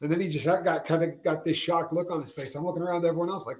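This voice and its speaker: A man co-hosting a podcast, telling animated stories in casual chat and laughing often. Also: a little high, rapid-fire. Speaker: podcast co-host. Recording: roomy echo.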